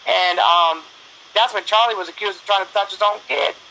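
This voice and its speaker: A woman's voice: medium pitch, normal speed, bright, forceful tone, slight background noise, poor audio. A woman, talking bluntly and profanely in a casual phone chat, telling stories with quoted back-and-forth.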